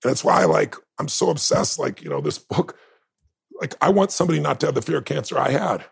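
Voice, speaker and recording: A man's voice: fairly high pitch, expressive, fast talker, vocal fry, breathy edge. A man talking as a guest in a conversation, telling stories in an intense, heartfelt, emphatic way. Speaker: podcast guest. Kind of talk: emotional storytelling in conversation.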